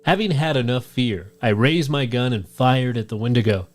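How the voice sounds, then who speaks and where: Male podcast co-host, mid-pitched, steady storytelling read of a listener tale. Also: moderate pace, soft background music. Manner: steady storytelling read, shouts out the quoted lines. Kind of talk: reading a listener story aloud.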